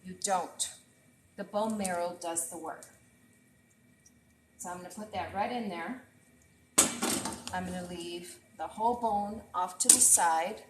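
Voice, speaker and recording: A woman's voice: on the low side, measured pace, long pauses, heavy background noise. Chatty woman chef in echoey kitchen. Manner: chatty, talks straight to viewers while cooking. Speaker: chef and host. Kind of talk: casual cooking livestream chat. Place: home kitchen. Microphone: earbuds mic.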